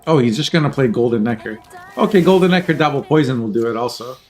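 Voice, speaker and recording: A man casually commentating a card game tournament over a headset, joking and rambling, often clearing his throat. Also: medium pitch, lively intonation, fast. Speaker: tournament caster.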